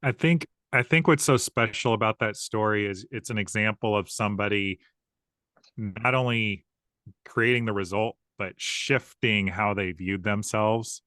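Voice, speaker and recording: Male podcast host, measured and affirming, lowish voice, dry close recording. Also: sharp tone, no room sound. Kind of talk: interview questions.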